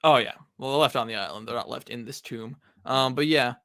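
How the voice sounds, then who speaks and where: A man hosting a casual podcast chat, relaxed and rambling, with lots of ums and uhs. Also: mid-range voice, brisk, no room sound, clean studio sound. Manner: relaxed, rambling, with many fillers. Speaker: podcast host.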